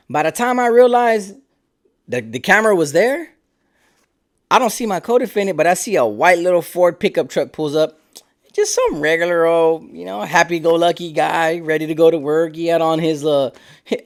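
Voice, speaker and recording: Man, street-slang storyteller; raised pitch, very animated delivery, acts out the dialogue. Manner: animated retelling, acting out his own and others' quoted lines; slangy, repeats words and restarts. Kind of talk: first-person storytelling.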